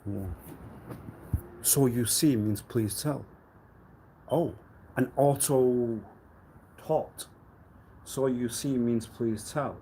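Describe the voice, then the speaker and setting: A man talking alone on a live stream in a rambling, cryptic monologue, swinging between low mutters and sudden loud bursts. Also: drawn-out words, pauses often, slight background noise.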